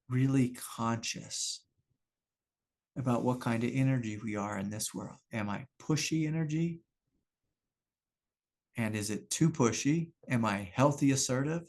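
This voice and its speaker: A man's voice: medium pitch, normal speed, pauses often, darkish tone. A middle-aged man giving a satsang talk as a spiritual teacher, candid and self-reflective, laughing often and repeating phrases. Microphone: video call.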